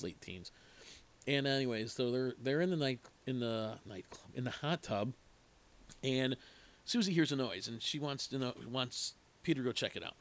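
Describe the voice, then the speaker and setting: Man, casual movie recap, rambling, animated, quotes the characters, mid pitch. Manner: rambling, animated retelling with quoted lines and asides. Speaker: movie reviewer.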